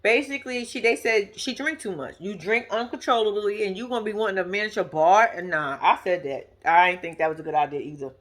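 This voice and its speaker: A woman's voice: mid-range voice, brisk, hardly any pauses, a bit bright. A woman giving a casual, blunt, sassy recap of a TV episode, slangy and profane, laughing often and talking straight to her viewers. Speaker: vlogger recapping a reality show. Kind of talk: casual reaction commentary.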